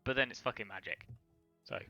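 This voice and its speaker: A man running an online tabletop game as game master, narrating quickly with frequent fillers. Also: medium pitch, muffled recording, loud music behind the voice.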